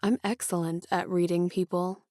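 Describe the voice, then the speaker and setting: A woman's voice: on the low side, level tone, normal speed, a little mellow, no echo, clean studio sound, lightly acted. A woman voicing a charming, arrogant young male officer who talks in a smug, teasing way.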